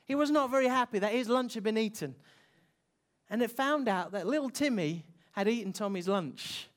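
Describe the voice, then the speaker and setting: A preacher telling an emotional story in a sermon, slowing down and dropping soft for emphasis. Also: mid-range voice.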